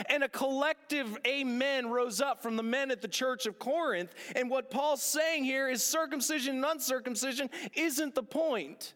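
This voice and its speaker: A man's voice: very high-pitched, lively intonation, moderate pace, fairly bright tone. A man preaching a sermon as a pastor, earnest, repeating phrases for emphasis and asking rhetorical questions. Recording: long echoing hall reverb.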